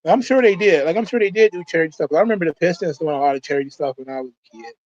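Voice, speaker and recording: A man with a fairly high voice rambles casually as he comments along with a wrestling event. He swears freely and circles back on his own thoughts. His voice comes through dull and lo-fi. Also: racing, a little mellow. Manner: loose, profane, rambling. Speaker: host of a wrestling watch-along.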